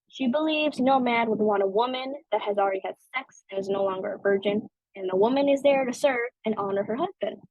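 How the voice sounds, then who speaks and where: A woman's voice: mid-range voice, moderate pace, darkish tone, no room sound, low-quality recording. A young adult woman hosting a podcast, talking through a film in a casual, chatty way with lots of "like" and "you know". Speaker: podcast host.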